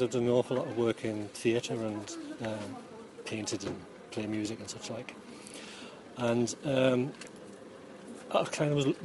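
A man's voice: mid-range voice, noisy background. A middle-aged man from Newcastle with a Geordie accent, explaining his work in a rambling way with dry humour and lots of ums. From Newcastle, England. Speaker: yarn dyer and former chemistry teacher. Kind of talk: casual interview answers. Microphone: interviewer's phone.

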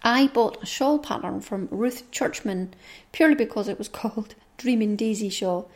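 A woman's voice: on the high side, moderate pace. A middle-aged woman, hosting her own podcast in a chatty, rambling monologue and reading through a long list. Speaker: knitting podcast host. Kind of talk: casual monologue.

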